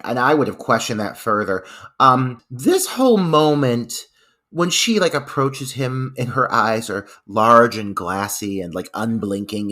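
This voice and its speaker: A man co-hosting a podcast, chatting casually about a film in an animated, joking way and laughing often. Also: lowish voice. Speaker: podcast co-host. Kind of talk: casual film review chat.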